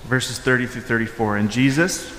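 A male pastor delivers a conversational sermon at normal speed, informal and full of fillers and restarts, swinging from loud, high emphasis to soft, low asides. The echoey hall has long reverb, with a little hiss or hum.

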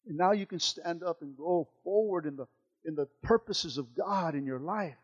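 A man preaching a sermon as pastor, impassioned, dropping soft and then building loud, often repeating words. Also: a little high, moderate pace, husky, low-quality recording. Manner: repeats words and restarts phrases.

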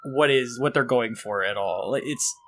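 A man's voice: mid-range voice, a little slow, fairly bright tone, slight background noise. A man co-hosting a casual podcast about a movie, talking in a rambling, incredulous way with many fillers. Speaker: podcast co-host. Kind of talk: casual chat.

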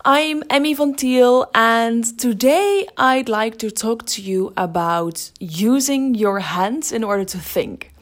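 A middle-aged woman who teaches creativity hosts a podcast in a casual spoken monologue, her voice on the high side and slow, with hardly any pauses. She's thoughtful, often restarting her sentences and using fillers.

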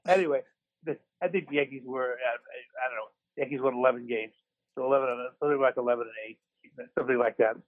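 A fast-talking man co-hosts a sports podcast from his post-surgery hospital room, his mid-range voice steady in tone. The tinny phone line has no room sound, and his chat is rambling and self-deprecating, with many restarts.

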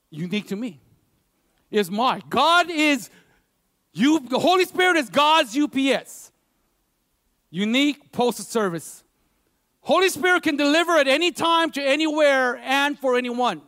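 A man with a very high, forceful voice preaches a sermon to his congregation. He talks casually, scattering "you know" through his stories, then drives his points home with emphatic preaching. The sound is close and dry. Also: lively intonation, normal speed, no echo. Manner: conversational, peppered with "you know". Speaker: pastor.

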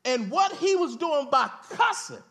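High-voiced man preaching with bursts of shouting. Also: big pitch swings, a little slow. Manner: preaching with dramatic rises and shouts, reading scripture aloud; colloquial, addresses the congregation directly. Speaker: pastor. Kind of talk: sermon.

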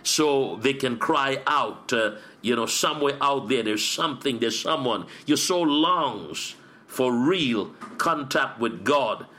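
A middle-aged man speaking as a pastor in an interview. He builds his points through earnest repetition, with the steady rhythm of a preacher. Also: medium pitch, slow, soft background music.

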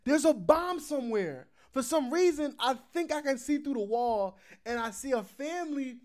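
Man, podcast host, casual storytelling, animated, laughs a lot, swears freely. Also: very high-pitched, moderate pace.

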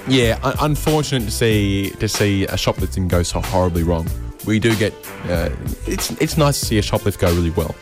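A man with an Australian accent hosting a comedy podcast, rambling sarcastically and jumping into high mocking voices when he quotes people. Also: expressive, fairly quick, over music. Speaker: podcast host.

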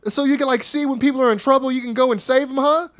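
Give me a mocking, needling wrestler who pitches high and pushes loud, as a man does an impression. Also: fairly even intonation, quick pace, no echo. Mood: taunting. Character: brash trash-talking male wrestler, taunting.

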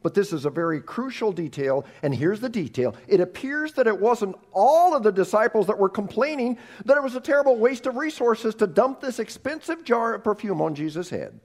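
Man, pastor, sermon, lively swings in pitch, stumbling restarts. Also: brisk, few pauses. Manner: animated storytelling with repeated restarts.

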